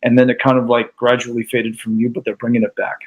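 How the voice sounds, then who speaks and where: A man with a New England accent chats casually as a guest on a live show. His voice is husky, and his talk is easygoing and loose with fillers. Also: mid-range voice, completely flat delivery, fast, rough recording. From New York. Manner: easygoing and chatty, with frequent fillers. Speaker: guest musician. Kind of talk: casual chat.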